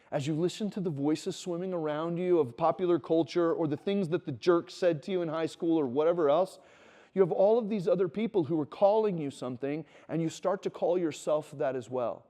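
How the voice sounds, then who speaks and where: His voice sits on the high side and moves fairly quickly: a middle-aged man sermonizing conversationally to students in a Christian wilderness school's teaching room. He acts out quoted dialogue from his stories, building to animated emphasis.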